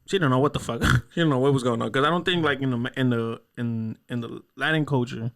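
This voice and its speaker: A young man hosting a casual podcast, rambling through stories with lots of swearing and quick put-on voices for the people he quotes. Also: medium pitch, a bit bright. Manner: rambling storyteller, heavy cursing, acts out voices in quotes. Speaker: podcast host.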